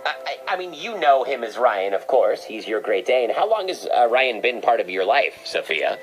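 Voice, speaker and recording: A man's voice: mid-range voice, big pitch swings, moderate pace, soft background music, low-quality recording. A man hosting a comedic call-in show, teasing a caller with a playful, stammering delivery and a mock pet-psychic bit.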